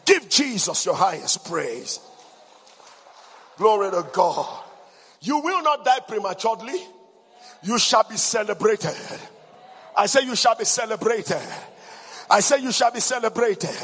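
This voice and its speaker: A man preaching a fiery sermon, shouting and chanting repeated declarations and prayers. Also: sits high, expressive, unhurried, breathy edge, long reverb tail.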